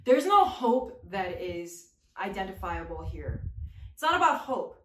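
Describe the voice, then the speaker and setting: Speaking unhurriedly at a medium pitch, she delivers a relaxed youth sermon peppered with slang and humor, talking right to the people listening. The room echoes, and there's slight background noise.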